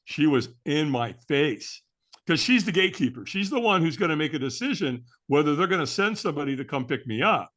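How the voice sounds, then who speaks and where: Bright-voiced man telling his story earnestly. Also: on the high side, animated, fairly quick. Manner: earnest, candid, often adds "man". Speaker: guest. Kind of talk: personal storytelling in an interview.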